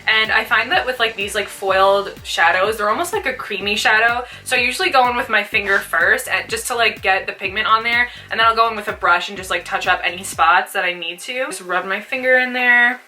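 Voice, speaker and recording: A woman's voice: mid-range voice, a little fast, hardly any pauses, pushed and bright, far from the mic, faint music behind. A young woman chatting casually while doing a makeup tutorial, peppering her talk with "like". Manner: chatty, fills speech with "like". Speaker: beauty vlogger.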